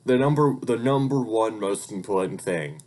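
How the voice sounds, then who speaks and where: Low-voiced young man ranting casually. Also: animated, moderate pace, darkish tone. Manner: rambling and profane, gets heated when venting. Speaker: vlogger and hobby voice actor. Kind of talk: casual life-update rant.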